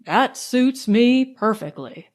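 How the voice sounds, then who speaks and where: A woman reading an audiobook, voicing a weary male pianist who speaks coolly and quietly. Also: fairly high pitch, animated, slow. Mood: calm. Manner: cool and dispirited.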